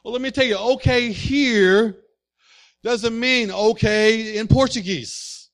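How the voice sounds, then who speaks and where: Animated storytelling male pastor. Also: high-pitched, unhurried. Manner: storytelling preacher, animated and humorous. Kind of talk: sermon.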